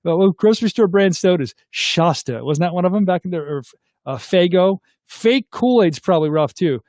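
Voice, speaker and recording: A middle-aged man hosts a casual live chat, reading viewer comments aloud and tossing questions back to his audience. His voice sits fairly high for a man. The sound is close and dry. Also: lively intonation, normal speed, darkish tone, dry recording. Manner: chatty, reads comments aloud and asks viewers to weigh in.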